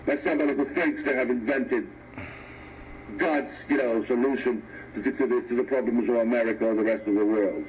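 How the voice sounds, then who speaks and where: A man from Greece arguing in a video debate, speaking haltingly and refusing to swear. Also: mid-range voice, fairly even intonation, a little mellow, slight background noise, poor audio. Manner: hesitant, halting, avoids swearing. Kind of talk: heated argument.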